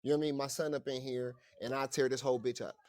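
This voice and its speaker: A man's voice: mid-range voice, steady tone, very fast, a little mellow, no room sound. A man co-hosting a casual podcast, telling a heated story full of profanity and acted-out quotes. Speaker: podcast co-host.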